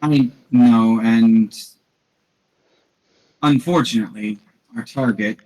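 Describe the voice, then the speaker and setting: A man voicing a brisk, apologetic woman agent in a tabletop game. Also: mid-range voice, darkish tone, far from the mic, natural voice, poor audio. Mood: hurried.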